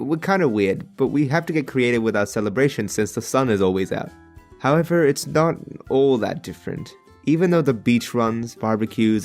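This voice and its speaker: Australian man, comedic voice-over narrator, sarcastic and casual, mid-pitched voice, faint background music. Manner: joking, sarcastic, casual slang. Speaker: animated storyteller.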